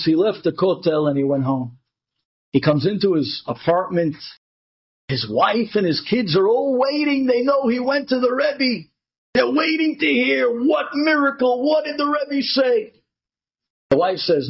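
Male storyteller, very high voice, theatrical character voices, dull lo-fi sound. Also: lively intonation, a little slow, gravelly. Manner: acts out characters with big pitch swings, heated and pleading. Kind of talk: animated story narration. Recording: dull lo-fi recording.

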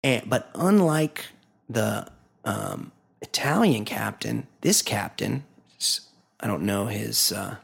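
A man's voice: fairly low pitch, creaky, fairly bright tone, breathy edge. Rambling, profane male podcast host. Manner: rambling, profane storytelling with many fillers. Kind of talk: casual chat.

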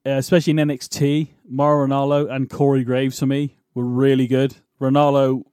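A man's voice: mid-range voice, little pitch movement, a little fast, mellow, clear, resonant tone, dry recording, studio quality. A man co-hosting a casual wrestling podcast, rambling and restarting as he talks. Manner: rambling, restarts and laughs a lot. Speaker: podcast co-host. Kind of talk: casual chat.

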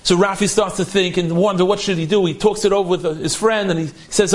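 A man's voice: sits high, fairly even intonation, fast. A man earnestly retelling an inspiring story he heard from a friend, sprinkling in Yiddish and Hebrew words.

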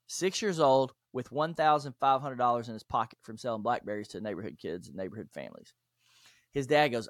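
A man of middling pitch tells animated stories as a podcast guest, slipping into the voices of the people in them. The recording is dry and close, with no room sound. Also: fast talker, dry recording. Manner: animated, acts out dialogue in stories. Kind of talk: interview storytelling.

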